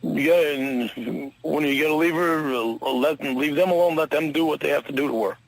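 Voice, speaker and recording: A man gently comforting his upset wife, telling her it will be all right. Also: a little high, moderate pace, rough recording. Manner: soothing, gravelly.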